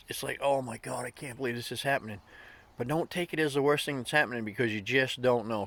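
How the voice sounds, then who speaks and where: A man's voice: medium pitch, a bit bright, dry recording. Guy doing his daily pep talk, chatty folksy storyteller, lots of "you know", dry close mic. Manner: folksy and informal, with many fillers. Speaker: host of a daily inspirational talk. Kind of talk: casual motivational talk with storytelling.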